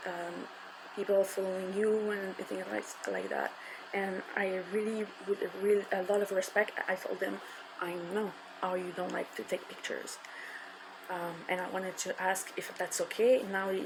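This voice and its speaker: A woman with a tells an emotional personal story in a halting, casual way, with many fillers and restarts. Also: mid-range voice, creaky. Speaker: fan telling a personal story. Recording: noisy background.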